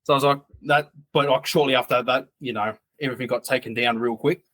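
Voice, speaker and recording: A man's voice: mid-range voice, steady tone, quick pace, fairly bright tone. A man, a podcast guest telling a story in a loose, rambling way. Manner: rambling, loose, full of "like" asides. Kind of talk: casual storytelling.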